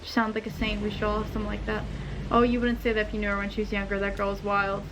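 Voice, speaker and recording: A woman's voice: medium pitch, completely flat delivery, racing, noisy background. Woman streamer reading game lines aloud. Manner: reads lines in character, playful asides. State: hoarse.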